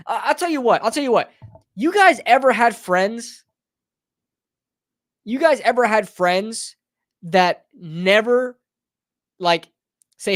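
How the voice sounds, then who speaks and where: A man's voice: high-pitched, expressive, slow, long pauses, fairly bright tone, dry recording, clean studio sound. A man hosting a live sports talk stream, ranting heatedly and often calling listeners bro and brother. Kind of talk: live fan rant.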